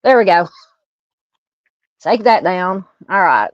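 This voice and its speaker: A woman's voice: fairly low pitch, animated, slow, no echo, lo-fi sound. A woman hosting a true crime livestream, chatting with viewers by name and laughing at her own fumbles before reading a case. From Southern United States.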